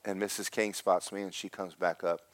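A middle-aged man preaching a sermon, telling a story in loud bursts that drop to hushed asides. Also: low-pitched, flat delivery, moderate pace, no room sound. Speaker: pastor.

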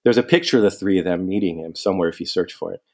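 A man telling a long story in casual chat, animated and quoting people as he goes. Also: low-pitched, racing. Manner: animated, quotes people in lively asides.

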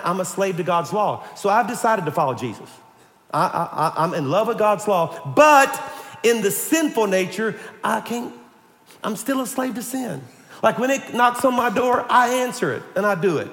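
A man pastor delivering an energetic, animated sermon to his congregation, calling for amens. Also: sits high. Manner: energetic, animated preaching with call-and-response. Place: church sanctuary. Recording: echoey church hall.

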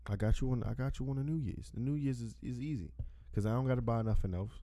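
A man's voice: mid-range voice, fast talker, warm tone, dry recording, clean studio sound. A man joking in laid-back podcast chat. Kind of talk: casual chat.

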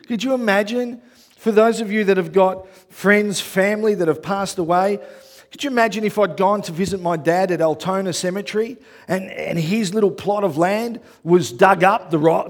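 A man preaching a sermon, opening with prayer, then speaking in an animated, emphatic way, repeating phrases for effect. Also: high-pitched. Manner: animated, emphatic, repeats himself and acts out quotes.

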